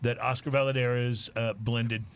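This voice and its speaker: A relaxed male host in casual podcast chat, his voice at an average pitch as he keeps the conversation moving. A faint layer of room ambience runs underneath. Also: slight background noise. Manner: friendly, quick to affirm and steer.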